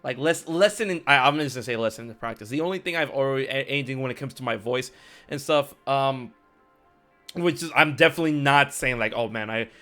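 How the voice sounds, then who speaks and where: A man's voice: mid-range voice, fast, sharp tone, soft background music. A man hosting a live stream, chatting casually and rambling, restarting sentences often and swearing freely. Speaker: show host. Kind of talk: casual chat. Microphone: streaming mic.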